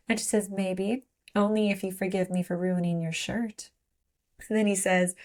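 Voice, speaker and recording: Woman co-host, playful casual chat, reads excerpts, voice jumps up when excited. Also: mid-range voice, a little slow. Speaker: podcast co-host. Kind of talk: casual book chat, reading passages aloud.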